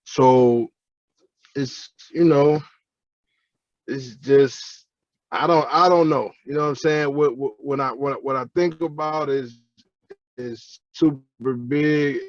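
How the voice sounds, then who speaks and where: A man with a Cleveland accent, a guest on an interview show, talking in a halting way with many repeated words, heard over a breaking-up remote call. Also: medium pitch, fairly even intonation, no echo, muffled recording. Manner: halting, repeats words, says he is not a talker. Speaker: guest, co-founder.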